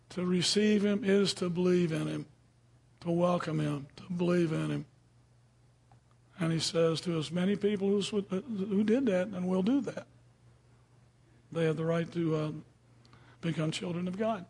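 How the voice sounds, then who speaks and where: Raspy high-voiced preacher. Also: male voice, fairly even intonation, unhurried, pauses often, darkish tone. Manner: conversational, asks the audience questions. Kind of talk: informal Bible teaching.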